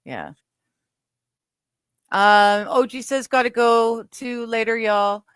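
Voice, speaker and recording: Smooth-voiced woman hosting a casual stream. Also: on the high side, fairly even intonation, slow, a bit bright, dry recording. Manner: reads chat messages aloud, laughs easily. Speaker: stream host.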